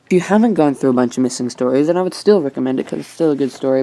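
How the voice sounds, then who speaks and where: A teenage girl talks through a casual home vlog review, her voice low and mellow. She rambles on in a chatty way and keeps breaking off to talk to the camera. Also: poor audio. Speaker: YouTuber reviewing DVDs.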